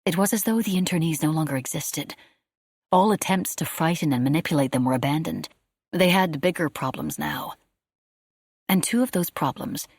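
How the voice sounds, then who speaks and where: A woman narrates a wartime novel as a scripted audiobook, reading in a steady, measured storytelling manner. Her voice sits low and is slightly rough, and the recording is dry.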